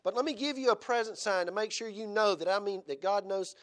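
A man's voice: sits high, a little fast, a bit bright. A man preaching a sermon in church, reading scripture aloud and driving his points home with rhetorical questions. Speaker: pastor.

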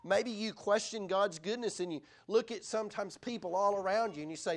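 A middle-aged man delivers a sermon in a notably high voice. He preaches earnestly but conversationally, and he leans on rhetorical questions to draw in his listeners. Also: a little fast, hardly any pauses. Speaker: pastor.

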